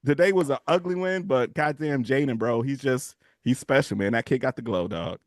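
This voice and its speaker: Animated man in casual sports talk. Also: medium pitch, moderate pace, dry recording, studio quality. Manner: animated storytelling, swearing freely, laughs and gets emotional. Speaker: podcast co-host.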